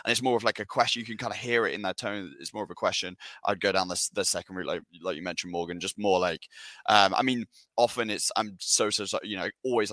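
A man hosting a casual panel discussion, energetic and chatty, with many fillers and restarts. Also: on the low side, fast talker, no echo. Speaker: webinar host.

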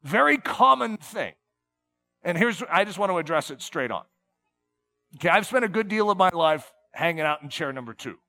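A man preaching a sermon to a gathered congregation, earnest and shifting between soft, tender passages and emphatic ones. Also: sits high, expressive, normal speed, gravelly.

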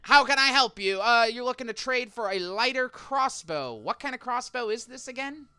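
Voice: medium pitch, animated, normal speed, clear, resonant tone, dry recording, voice pushed up. A game master voicing an eager, fawning male merchant who talks to his customers like old friends. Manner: overly friendly, loud, salesy. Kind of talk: voicing a character in a tabletop game.

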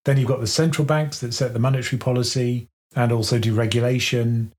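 A man talks through finance topics at a steady, mid-range pitch. His delivery is measured and explanatory, leaning on plain analogies to make a point in a relaxed podcast chat.

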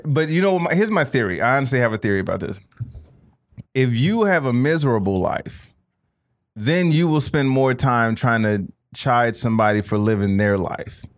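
Animated, swearing male podcast co-host. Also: medium pitch, moderate pace. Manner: animated, swears freely, mocking put-on voices. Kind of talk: casual profane banter.

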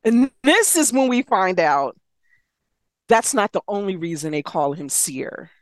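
A woman casually retelling a novel's plot, animated, swearing freely and slipping into quick voices for the characters. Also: medium pitch, no echo, studio quality. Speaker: book recapper.

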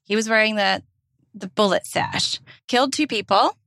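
A woman's voice: mid-range voice, normal speed, creaky, fairly bright tone, dry recording, clean studio sound. A woman with a Southern US accent, co-hosting a podcast in casual chat, emphatic and impassioned, swearing freely. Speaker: podcast co-host.

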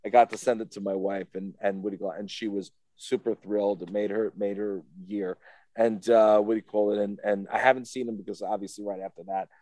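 Male interview guest, low voice, dry sound; loose rambling storyteller who acts out the voices of others. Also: fairly even intonation, fairly quick, dark tone, dry recording. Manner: rambling, repeats "what do you call it?" and acts out quoted voices. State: emotional, close to tears. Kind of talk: casual storytelling.

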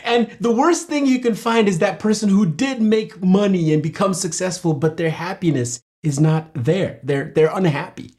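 A middle-aged man from Nigeria, a guest in a casual interview, talking in an animated storytelling way and laughing often. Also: high voice, moderate pace, hardly any pauses.

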